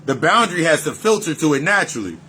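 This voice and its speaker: A spiritual reader and life coach rattles off a freewheeling spiritual monologue, fast and very animated, in a fairly high-pitched voice with a sharp tone and a little hiss or hum. His talk is casual and profane, built from loose run-on sentences with phrases repeated for emphasis.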